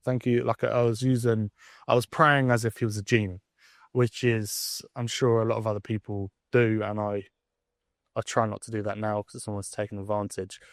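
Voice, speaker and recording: Low, flat-voiced young man musing. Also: moderate pace, dry recording, studio quality. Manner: candid, rambling, with frequent fillers and restarts. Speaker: vlogger. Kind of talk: reflective personal monologue.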